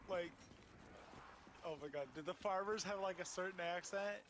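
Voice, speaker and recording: A man chatting while gaming, curious and quick to ask questions. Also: sits high, a bit bright, slight background noise. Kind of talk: casual chat while gaming.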